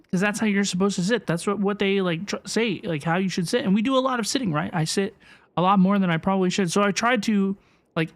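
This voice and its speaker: Bubbly woman streamer greeting chat. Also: medium pitch. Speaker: VTuber streamer. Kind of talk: live game stream chat.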